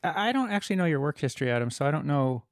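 Man, podcast host, mid-pitched, curious and chatty, dry close mic. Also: lively intonation, racing, dry recording. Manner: inquisitive, conversational, asks questions. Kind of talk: casual chat.

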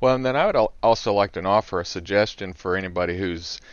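A man's voice: sits low, fast talker, no echo, muffled recording. A man hosting a podcast, chatting conversationally and offering practical tips. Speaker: podcast host. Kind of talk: casual podcast discussion.

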